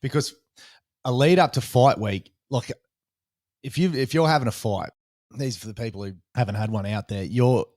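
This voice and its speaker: A man's voice: medium pitch, normal speed, darkish tone, dry recording, studio quality. A man hosting a podcast, talking earnestly in short, reflective phrases. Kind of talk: casual interview chat.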